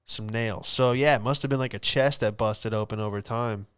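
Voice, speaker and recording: Brief: young male podcast host, smooth clear voice, relaxed rambling chat. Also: lowish voice, moderate pace. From Florida. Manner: laid-back, rambling storytelling with slang. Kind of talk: casual solo podcast chat.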